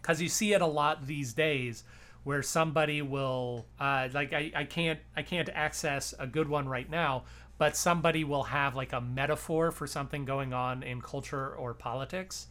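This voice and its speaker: Chatty man with a higher voice. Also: steady tone, moderate pace, a bit bright. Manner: storytelling, reads out quotes. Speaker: podcast host. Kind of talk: casual podcast chat.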